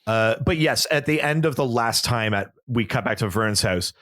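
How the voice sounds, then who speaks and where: A man hosting a casual movie podcast, animated and laughing often as he recaps scenes. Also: mid-range voice, dry recording, studio quality. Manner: animated, laughs often, puts on quick character voices. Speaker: podcast host.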